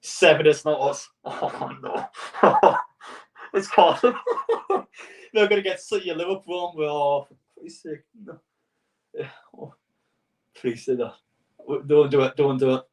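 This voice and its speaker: A man's voice: on the high side, takes it slowly, pauses often, far from the mic. A man reacting live to a cup draw as a football fan, exasperated and swearing, rambling with stutters.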